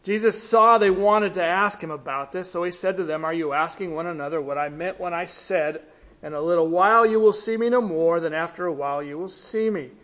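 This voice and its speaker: A middle-aged man preaches a sermon, reading scripture and explaining it with earnest emphasis that rises and then falls quietly. His voice sits high and his pace is a little fast.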